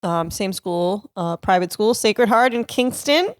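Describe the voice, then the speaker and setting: A woman's voice: mid-range voice, measured pace. A woman from Cape Cod hosts her own podcast, spinning casual stories full of swearing and laughter. Her voice sits in the middle range, and the sound is dry and close to the mic with no room echo. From Cape Cod, Massachusetts. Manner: profane, laughing, animated storyteller. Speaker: podcast host and comedian. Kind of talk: casual storytelling.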